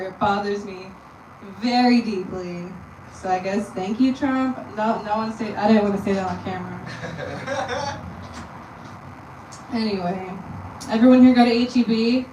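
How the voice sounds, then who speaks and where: A young woman from Texas doing a stand-up comedy set in a deadpan, self-deprecating way. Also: mid-range voice, a little slow, long pauses, lo-fi sound, slight background noise. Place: comedy venue with audience. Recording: roomy live sound from a distant mic.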